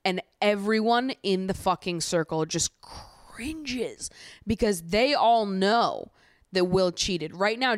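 Female podcast host, casual recap rant, low smooth voice on a dry close mic, exasperated and profane. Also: no room sound. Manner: animated, swears freely, exasperated ranting.

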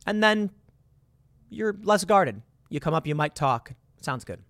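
Man, fairly high voice, earnest monologue host, bone-dry close recording. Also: lively intonation, a little slow, a bit bright, no echo. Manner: earnest, repetitive, rhetorical questions. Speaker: commentator. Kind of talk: casual monologue with hypotheticals.

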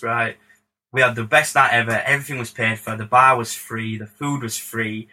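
A man, a music producer, telling a casual story on a podcast as a lively, swearing narrator who acts out the dialogue. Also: mid-range voice, moderate pace, low-quality recording. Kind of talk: casual anecdote.

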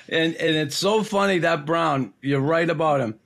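A man's voice: fairly high pitch, vocal fry, fairly bright tone. A man hosting a podcast, chatting casually and repeating his points for emphasis. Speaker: podcast host. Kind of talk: casual chat.

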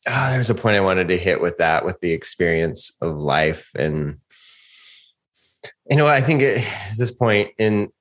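A man in his forties rambles through a casual podcast chat in a somewhat low voice. He is reflective and laughs often, restarting his sentences as he goes. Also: animated, normal speed, a bit bright. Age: 40s. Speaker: podcast co-host.

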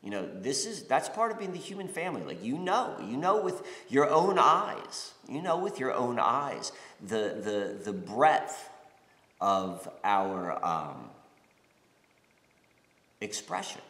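A man's voice: medium pitch, very animated, takes it slowly, a bit bright. A man from the United States giving a reflective spiritual talk, rambling with many fillers and restarts. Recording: echoey room with long reverb.

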